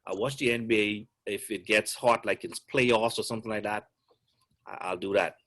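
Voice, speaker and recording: A man's voice: fairly low pitch, fairly even intonation, moderate pace, fairly bright tone. A middle-aged man, a basketball coach, answering questions on a video call in a chatty, joking way.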